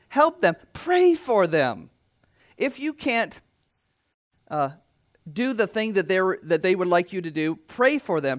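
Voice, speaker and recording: Earnest male pastor preaching, fairly high voice. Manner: earnest preaching, with quiet asides and lifted exhortations. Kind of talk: sermon. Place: church.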